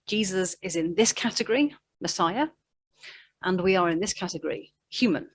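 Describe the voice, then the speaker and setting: A woman's voice: lowish voice, normal speed. A woman giving a conversational sermon, telling the story in a chatty way with asides. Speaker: preacher.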